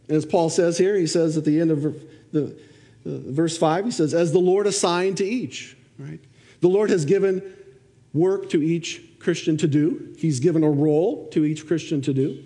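A man's voice: a little high, moderate pace, dark tone. Preaching man in a reverberant hall. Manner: expository, reads scripture then explains it with repeated questions. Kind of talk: sermon. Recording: long reverb of a church hall.

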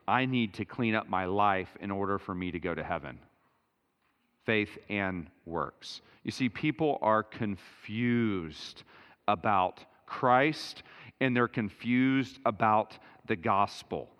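A man preaching a sermon as pastor, emphatic and building to near-shouts as he drives his points home. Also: fairly low pitch, big-room sound.

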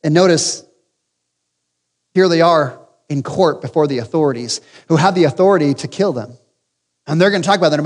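A man's voice: a little high, lively intonation, normal speed, pauses often, in a large hall. A man preaching a sermon as pastor, emphatic with rhetorical questions and humorous asides. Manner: emphatic, rising to loud peaks with rhetorical questions.

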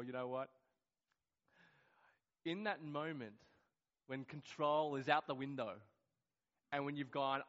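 A man preaching a sermon, telling a family story with lively acted-out quotes and swings between loud outbursts and hushed moments. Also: sits high, muffled recording. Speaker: pastor.

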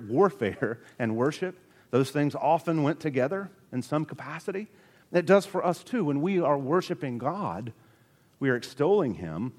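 Guy preaching in church, mid pitched, gets loud and fervent then drops low, big hall echo. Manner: earnest preaching, swells to emphatic peaks then drops low. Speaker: pastor. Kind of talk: sermon. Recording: long reverb of a large hall.

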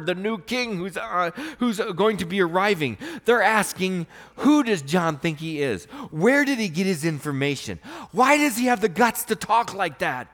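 A man preaching a sermon as pastor, earnest, swinging between emphatic raised passages and quiet, softly spoken stretches. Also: high-pitched, expressive, moderate pace. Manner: earnest preaching, rising to emphatic bursts then dropping soft.

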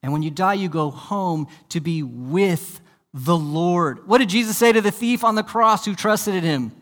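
Preaching at normal speed in a church, a male pastor asks rhetorical questions and repeats words at the start of his sentences. His delivery moves between soft, low tones and loud emphasis, trailing a long reverb.

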